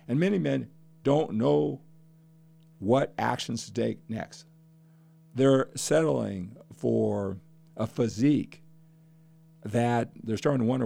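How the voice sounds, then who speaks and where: A man's voice: mid-range voice, normal speed, vocal fry, warm tone. An older man hosting a fitness podcast, talking passionately and emphatically and stacking up repeated phrases. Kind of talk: podcast monologue.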